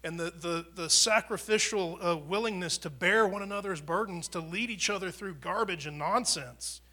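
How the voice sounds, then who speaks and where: High, bright-voiced man preaching. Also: normal speed. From United States. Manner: dramatic swings from loud proclaiming to near whispers; conversational, repeats words and restarts often. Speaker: pastor. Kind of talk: sermon.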